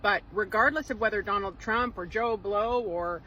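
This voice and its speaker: A woman speaks in a bright, forceful voice. She delivers political commentary for a vlog in an indignant, emphatic way, laced with sarcasm. Her pitch sits in the middle range for a woman. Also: normal speed, highs cut off, slight background noise. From Canada.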